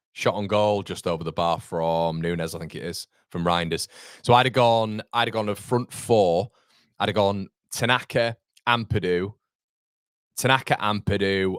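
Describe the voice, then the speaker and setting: A fan channel host with a low, clear, resonant voice runs a live football watchalong. He chats bluntly with the occasional swear word, and the studio sound is clean with no echo.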